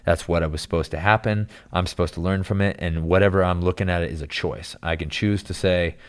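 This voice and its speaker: A young man with a very low voice tells a story on a podcast. He talks casually and rambles, stacking fillers and retelling what people said. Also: fairly quick, hardly any pauses, clear, resonant tone. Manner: rambling, animated storytelling with lots of "like" and "dude". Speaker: podcast guest.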